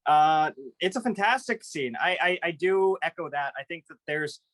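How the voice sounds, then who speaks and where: A man co-hosting a casual film podcast, earnest and measured, with a few stammers. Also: on the high side, expressive, fairly bright tone, dry recording. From United States. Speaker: podcast co-host.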